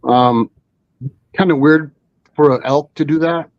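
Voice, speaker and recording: A man's voice: fairly high pitch, measured pace, no echo, muffled recording. A man telling a story as a guest on a live stream, rambling with many fillers and restarts. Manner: rambling, full of 'you know' and restarts.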